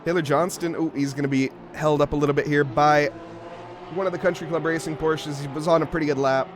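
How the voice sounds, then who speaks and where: A man's voice: a little high, fairly even intonation, a little fast, background noise. A man commentating a live sim racing event, joking about himself and laughing often. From English-speaking. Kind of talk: live esports race commentary.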